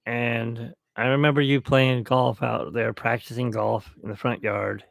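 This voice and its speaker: Slow, gravelly man rambling on a podcast. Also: medium pitch, level tone, no echo, clean studio sound. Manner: rambling, reminiscing, with restarts. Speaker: podcast host. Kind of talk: rambling solo podcast toast. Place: at home, alone.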